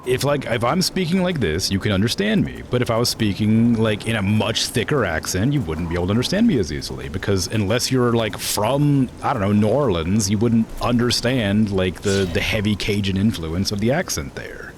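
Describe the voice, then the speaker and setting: Rambling young man with lively low voice. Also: a little fast, few pauses, slight background noise. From Florida. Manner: rambling, filler-heavy, laughs often. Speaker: streamer. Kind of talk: casual gameplay stream chat.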